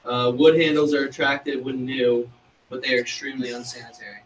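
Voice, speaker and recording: A male trainee reading a sales script aloud in an even way. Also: medium pitch, fairly quick. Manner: reads evenly from a sales script. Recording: distant from the mic with faint noise.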